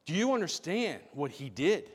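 A man's voice: a little high, big pitch swings, normal speed, slightly rough. A man preaching a sermon as pastor, emphatic, repeating phrases for stress. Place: church.

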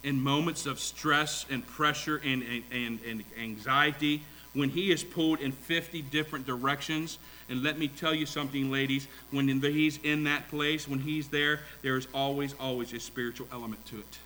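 A man's voice: mid-range voice, steady tone, normal speed, few pauses, pushed and bright, slight background noise, low-quality recording. A middle-aged married man preaching a sermon, using repetition and rising emphasis and putting questions to his congregation. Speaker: pastor.

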